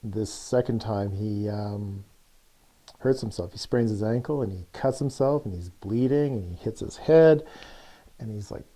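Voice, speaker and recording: Low, mellow-voiced male storyteller. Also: a little slow. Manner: loose and chatty, many fillers. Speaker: coach. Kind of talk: casual storytelling.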